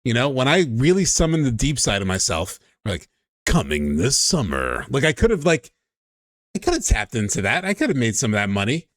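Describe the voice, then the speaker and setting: A man hosting a stream, chatting excitedly and casually, swearing freely. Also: medium pitch, quick pace, no echo, clean studio sound. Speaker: streamer host. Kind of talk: casual chat.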